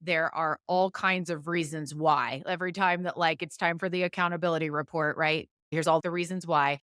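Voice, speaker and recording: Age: adult. Sex: woman. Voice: low and smooth. Role: guest. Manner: thoughtful. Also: steady tone, moderate pace, fairly bright tone, dry recording, clean studio sound. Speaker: podcast guest. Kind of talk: conversational interview.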